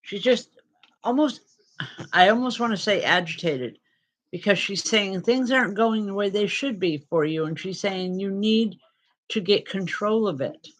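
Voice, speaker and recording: Gentle reassuring woman medium. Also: medium pitch, animated, poor audio. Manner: gentle, reassuring, pauses with fillers. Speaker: spiritual medium. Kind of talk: live-stream spirit readings for viewers.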